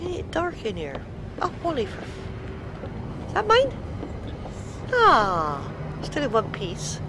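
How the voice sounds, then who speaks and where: Brit lady gamer, high voice, slow, swears a lot, noisy background. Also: wildly swooping pitch. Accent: British. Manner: swears and laughs at her own mishaps. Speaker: game streamer. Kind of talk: casual let's-play commentary.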